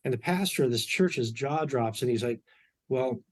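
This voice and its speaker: A middle-aged man telling personal stories as an interview guest, relaxed and anecdotal with frequent fillers and restarts. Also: medium pitch, fairly quick. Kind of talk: storytelling in an interview.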